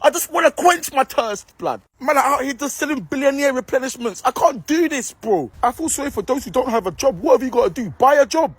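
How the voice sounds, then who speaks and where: A young man with a London accent rants in comic exasperation, swearing and piling on slang. His voice sits very high and comes out husky. The sound is dry and close. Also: animated, fairly quick, few pauses, no echo. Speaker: comedic ranter. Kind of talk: comedic rant to camera.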